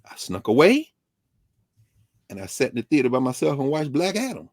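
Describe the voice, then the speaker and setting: A man speaking as a guest scholar on a talk show, telling stories in an animated way, acting out quoted exchanges and scattering "you know" through his speech. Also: medium pitch, a little fast, no echo. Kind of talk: animated talk-radio commentary.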